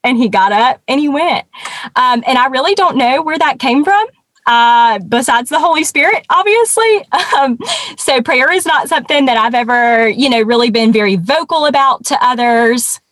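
A woman's voice: high-pitched, lively intonation, normal speed, a bit bright, no echo. Earnest woman telling a story. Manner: earnest, many ums and restarts. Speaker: guest. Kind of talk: casual conversational storytelling.

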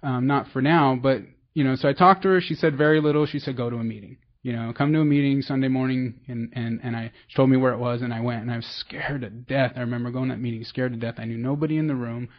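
A San Francisco Bay Area man gives a personal testimony at a recovery meeting, telling his story in a rambling, self-deprecating way with many restarts. His mid-range voice is steady and quick, with few pauses, and the sound is lo-fi.

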